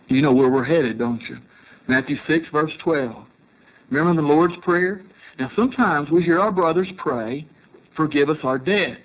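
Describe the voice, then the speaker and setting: A man's voice: on the high side, a little hiss or hum, poor audio. A middle-aged man giving a sermon to a congregation, telling stories and asking the audience questions. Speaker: congregation speaker.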